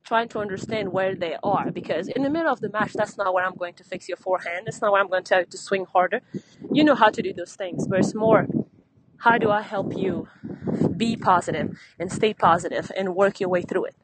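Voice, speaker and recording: A woman's voice: medium pitch, fairly quick, background noise. Slightly breathless woman tennis coach. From Benin. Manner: lively storyteller, laughs often. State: a little out of breath. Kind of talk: casual interview chat.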